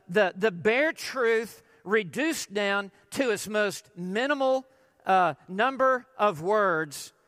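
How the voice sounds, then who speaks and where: A man preaching an expository sermon, emphatic and deliberate, asking rhetorical questions and stressing key words. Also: high voice, fairly bright tone, in a large hall. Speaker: pastor.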